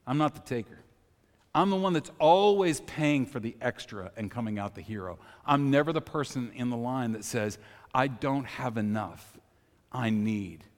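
A man's voice: mid-range voice, lively intonation, moderate pace, long reverb tail. A man preaching a sermon as pastor, talking casually, telling personal stories and putting questions to the congregation. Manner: conversational, personal storytelling, asks the congregation questions. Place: church sanctuary.

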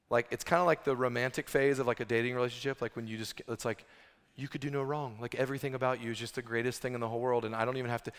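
A man's voice: medium pitch, fairly quick. A man preaching a sermon as pastor, in a conversational way full of "like" and restarts. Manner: conversational, lots of "like" fillers and restarts. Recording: long reverb of a large hall.

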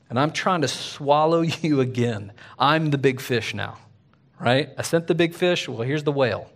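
A man voicing God as patient and compassionate, speaking gently and earnestly to a stubborn prophet. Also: medium pitch. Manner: gentle, earnest, plainly spoken.

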